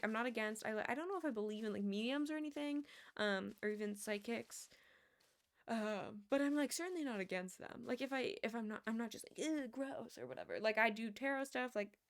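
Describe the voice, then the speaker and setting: A chatty young woman talking to her live stream viewers in a high-pitched voice. She rambles through her story, often laughing and padding her talk with "like".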